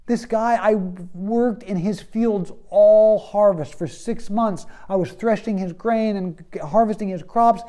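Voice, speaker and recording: A man's voice: high-pitched, a little slow, few pauses, warm tone, voice pushed up. A man voicing an aggrieved farm laborer complaining to a king. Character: aggrieved laboring farmhand, male adult.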